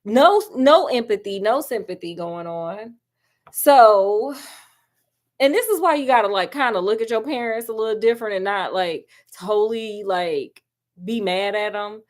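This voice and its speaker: A woman giving a chatty, animated casual film review, talking straight to her viewers. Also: medium pitch, a little slow. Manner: animated, chatty, calls viewers girl and honey.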